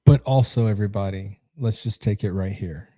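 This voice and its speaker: Blunt, profane podcast host with a dark voice. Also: male voice, lowish voice, normal speed, no room sound. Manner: blunt, profane, animated ranting. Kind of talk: casual chat.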